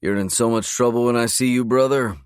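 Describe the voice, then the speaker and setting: A man's voice: mid-range voice, fairly even intonation, quick pace, clean tone, no room sound, clean studio sound, pitched above the performer's own voice, close to an everyday voice. A man voicing a cocky, amused young father teasing his brother. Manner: amused, smug.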